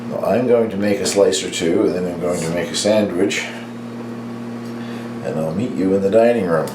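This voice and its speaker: Deep-voiced man rambling in a kitchen. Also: moderate pace. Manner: relaxed and rambling, with fillers. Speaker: home baking vlogger. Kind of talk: casual home cooking talk. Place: home kitchen and dining room. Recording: echoey room with background noise.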